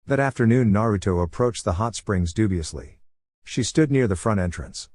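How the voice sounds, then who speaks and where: A man narrating a fan fiction story in a steady, even reading manner. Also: on the low side, normal speed, no echo, studio quality.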